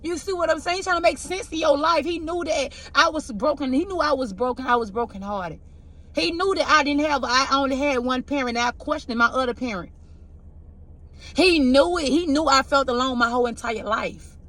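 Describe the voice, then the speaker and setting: A woman's voice: high-pitched, normal speed, bright, forceful tone. Heartfelt preachy woman tarot reader. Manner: preachy, keeps asking "you get what I'm saying"; heartfelt and confessional. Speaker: tarot reader giving spiritual messages. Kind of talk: emotional spiritual pep talk to viewers.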